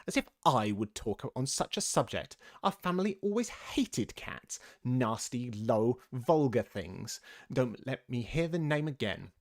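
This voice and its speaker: A man voicing a small, touchy storybook mouse that speaks in a shrill, passionate way. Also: very animated, unhurried. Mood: outraged. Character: small touchy trembling mouse, cat-hating.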